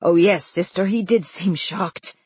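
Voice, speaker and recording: A woman voicing an old, teasing woman with a high-pitched, squeaky voice. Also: measured pace, a little mellow, slightly rough, no echo. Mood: huffy.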